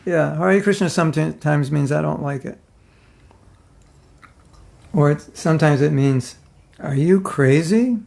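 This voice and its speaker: A man's voice: on the high side, fairly even intonation, a little slow, vocal fry, pauses often, a little mellow. A middle-aged man giving an informal, humorous spiritual class, joking with his listeners and acting out their reactions. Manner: joking, conversational, mimics others' reactions.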